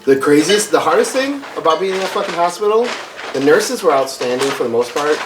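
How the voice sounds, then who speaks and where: A man's voice: on the high side, expressive, fairly quick, distant mic, background noise. A man telling a long, profane story in casual chat, acting out the people he quotes. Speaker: podcast guest. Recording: roomy, off-mic with loud music behind.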